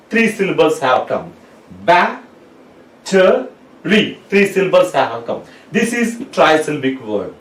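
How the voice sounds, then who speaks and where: Teacher spelling words aloud. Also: male voice, on the high side, fairly bright tone. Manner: slow, spells words letter by letter and repeats them. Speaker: English teacher. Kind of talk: classroom lecture. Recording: roomy, mic at a distance.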